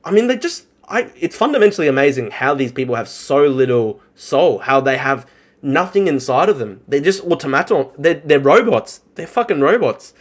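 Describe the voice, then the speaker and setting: A man's voice: fairly high pitch, animated, normal speed. Scornful, profane man ranting live. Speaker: political streamer. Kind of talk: live reaction rant.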